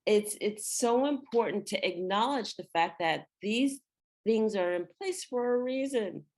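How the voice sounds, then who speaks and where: Speaking a little slowly with a medium-pitched voice, this podcast co-host shares stories in a casual chat. She's an animated storyteller who acts out the quotes.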